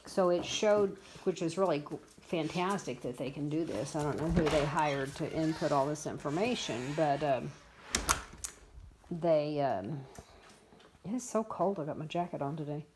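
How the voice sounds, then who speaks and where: A woman's voice: low-pitched, a little slow, darkish tone, slight background noise. A woman in her fifties, a dog breeder, chatting casually and bluntly about her puppies at her kennel, with exasperated asides. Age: 50s. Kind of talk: casual vlog chat.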